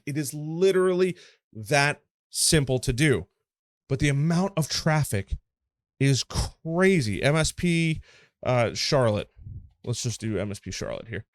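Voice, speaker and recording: A man coaching on marketing, talking a screen-share tutorial through in a casual, energetic, emphatic way. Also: mid-range voice, no room sound, studio quality.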